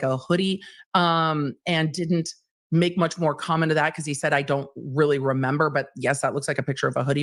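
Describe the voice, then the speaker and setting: A woman's voice: fairly low pitch, a bit bright. A woman hosting a casual trial recap as a legal commentator, conversational and chatty.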